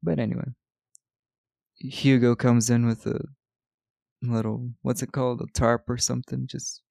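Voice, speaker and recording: A man's voice: mid-range voice, little pitch movement, normal speed, creaky, mellow, no echo. A man co-hosting a podcast, casually retelling film scenes with quoted lines and frequent laughs. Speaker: podcast co-host recapping a film. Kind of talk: casual chat.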